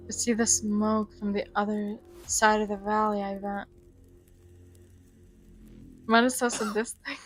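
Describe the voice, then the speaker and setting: A woman's voice: mid-range voice, level tone, a little slow, long pauses, faint music behind. A woman gaming YouTuber reading a survival visual novel aloud, mixing dramatic reading with joking commentary.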